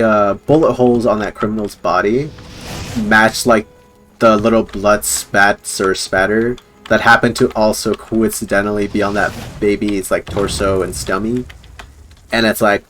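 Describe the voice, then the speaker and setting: A man's voice: fairly low pitch, a little slow, a little hiss or hum. Rambling casual male streamer. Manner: rambling, full of "like" and chuckles.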